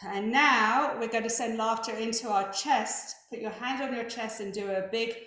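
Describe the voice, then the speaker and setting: Over a very echoey video call, a woman leads a laughter wellness session, giving encouraging step-by-step breathing and laughing cues as guided group instruction. Her voice is slightly high, bright and forceful, with fairly even intonation and a moderate pace.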